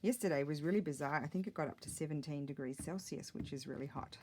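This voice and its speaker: Woman, middle-aged, low-ish voice, rambling crafting chat into a tablet mic. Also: fast, a little mellow, slight background noise. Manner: rambling, chatty, self-deprecating. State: a little out of breath. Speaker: crafting vlogger. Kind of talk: casual chat while crafting. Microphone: tablet camera mic.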